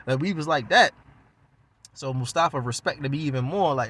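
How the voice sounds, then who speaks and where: A man with a Baltimore accent tells a story in loose, slangy, profane talk. His voice sits a little high for a man, and he jumps into other people's voices as he goes. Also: moderate pace, fairly bright tone. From West Baltimore. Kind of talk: casual storytelling.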